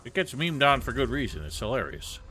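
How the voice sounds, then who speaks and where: A man streaming a game, giving casual, sarcastic commentary with sudden loud outbursts. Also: medium pitch, big pitch swings, a little fast, a little hiss or hum.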